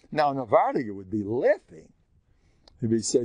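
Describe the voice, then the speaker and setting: An older man, a rabbi giving a Torah lesson in an animated storytelling way, acting out quotes. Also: on the high side, a little fast. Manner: animated storytelling, acts out quotes, mixes in Yiddish and Hebrew. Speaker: rabbi teaching a class.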